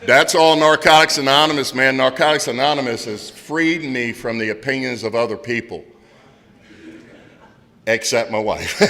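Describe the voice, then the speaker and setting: A middle-aged man gives a candid recovery share in a loud, blunt storytelling manner. His voice is bright and forceful, and it rings with a long hall reverb. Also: medium pitch, normal speed. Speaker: speaker at a recovery meeting.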